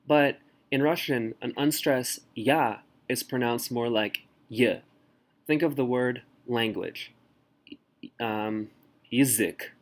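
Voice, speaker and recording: A man teaching a language lesson in a relaxed, casual way, slowly sounding out example words. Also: medium pitch.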